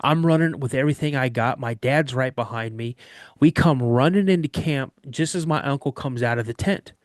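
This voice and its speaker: A man casually recounting a story from his childhood in first person, animated and vivid, often restarting mid-sentence. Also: mid-range voice, normal speed, dry recording, studio quality. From Washington state. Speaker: guest telling an encounter story.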